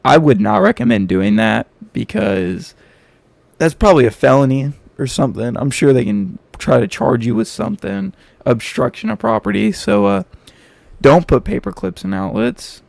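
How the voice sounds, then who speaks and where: A man's voice: mid-range voice, very animated, normal speed, gravelly, darkish tone, no room sound. A man telling a story from his school days in a casual, slangy, self-mocking way, close to the mic.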